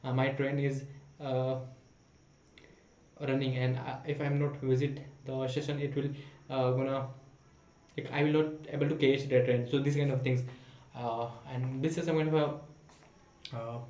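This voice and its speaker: A man's voice: medium pitch, little pitch movement, unhurried, pauses often, dark tone. A man practicing English on camera who keeps hesitating and restarting as he searches for words, in a self-recorded monologue. English is not his first language. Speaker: vlogger practicing spoken English. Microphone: camera in front of him. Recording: echoey room.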